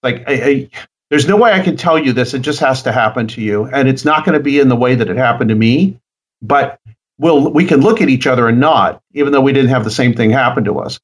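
A man speaking in a measured, reflective way in conversation, often repeating words as he works out his thoughts. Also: medium pitch. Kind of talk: conversational discussion.

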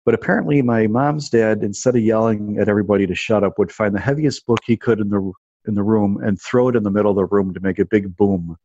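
A man's voice: lowish voice, quick pace, darkish tone, no echo. A man in his fifties casually telling a personal story, rambling, restarting and repeating himself a lot. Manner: rambling, restarts and repeats words, lots of "you know" and "like". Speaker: guest telling personal stories. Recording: dull dry lo-fi recording.

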